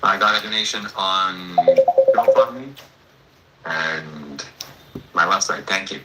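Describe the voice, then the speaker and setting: A man co-hosting a casual livestream chat in a deadpan way, reading out viewer messages and donations. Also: sits low, takes it slowly, echoey room, over music, low-quality recording. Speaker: livestream co-host.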